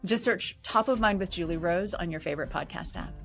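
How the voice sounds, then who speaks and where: A woman's voice: on the low side, a little fast, faint music behind. A woman hosting a podcast, asking short, encouraging follow-up questions and closing the episode. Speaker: podcast host. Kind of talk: podcast interview and outro.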